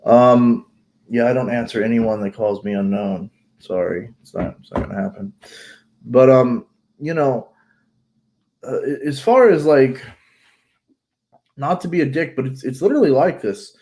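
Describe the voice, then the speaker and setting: A man's voice: medium pitch, measured pace, long pauses, a little mellow. A man chatting casually as a vlogger, talking bluntly and rambling with lots of fillers and restarts, congested from allergies. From United States. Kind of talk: casual chat.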